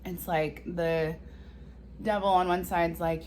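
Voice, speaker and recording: A woman's voice: on the low side, steady tone, slow, a little mellow, slight background noise. A woman and mother talking in a rambling, emotional, confessional way to her vlog audience. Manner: rambling, emotional self-talk. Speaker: vlogger and mother.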